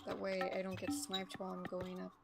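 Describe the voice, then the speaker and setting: A woman's voice: on the low side, monotone, brisk, vocal fry. A young woman streaming a game, chatting casually and rambling with many fillers and giggles. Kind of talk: casual gaming stream chat. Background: loud game music.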